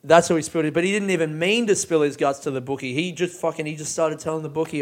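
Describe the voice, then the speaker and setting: A man's voice: fairly high pitch, fast, few pauses. A young man casually breaking down song lyrics, swearing freely and laughing often as he talks. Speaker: music reviewer.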